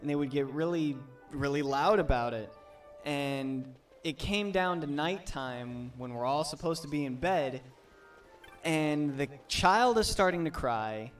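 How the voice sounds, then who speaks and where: A young man on a game stream, telling a story in an animated, rambling way. Game music sits faintly in the background. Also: a little high, measured pace, far from the mic. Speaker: streamer co-host.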